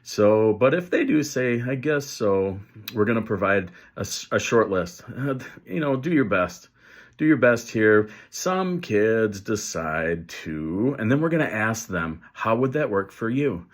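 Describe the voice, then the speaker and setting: A man's voice: medium pitch, expressive, normal speed. A man in his fifties, an educator teaching parents and teachers in a conversational way, acting out sample lines as he goes. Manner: conversational, explains with acted example lines. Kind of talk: teaching video to camera.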